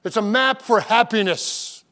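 Brief: male pastor, high-pitched voice, folksy and earnest, preaching from the pulpit. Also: measured pace, sharp tone. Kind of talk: sermon with opening prayer. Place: church auditorium.

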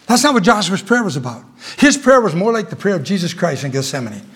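A man's voice: high-pitched, sing-song, quick pace, a bit bright, breathy edge. A middle-aged man preaching a folksy sermon, rambling through a ranch story with chuckles and talking straight to his congregation.

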